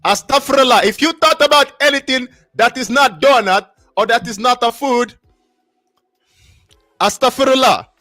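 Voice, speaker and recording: A man hosting a casual live stream, talking in an excitable, repetitive, slangy hype style. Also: very high-pitched, normal speed. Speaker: livestream host.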